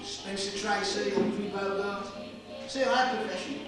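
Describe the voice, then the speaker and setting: An actor playing a modest, earnest working-class comic actor in a stage play. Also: male voice, sits high, steady tone, normal speed, natural voice. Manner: earnest, plain-spoken, slightly sheepish. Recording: roomy theatre sound from far off, music.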